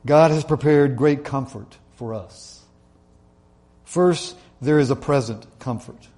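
A man preaching a sermon in an earnest way, slowing down and dropping his voice to stress key points. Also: medium pitch, warm tone. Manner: earnest, slows and drops his voice for emphasis. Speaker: pastor.

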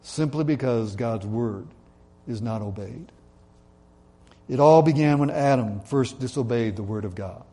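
A man preaching a sermon in an earnest way, slowing down and dropping his voice to stress key points. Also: mid-range voice, warm tone. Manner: earnest, slows and drops his voice for emphasis. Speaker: pastor.

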